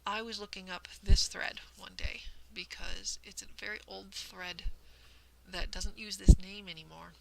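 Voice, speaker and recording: Very gravelly woman, careful explainer. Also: mid-range voice, fairly even intonation, unhurried, a loud crowd, rough recording. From United States. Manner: careful, explanatory, self-deprecating. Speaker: host of a cross-stitch vlog. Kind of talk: casual vlog chat.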